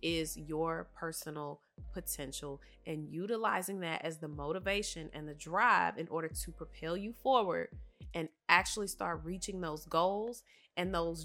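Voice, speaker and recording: A woman's voice: lowish voice, bright, forceful tone. A woman hosting a solo motivational talk, speaking earnestly and directly to her listeners, her voice a bit nasal and congested from a cough. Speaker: podcast host.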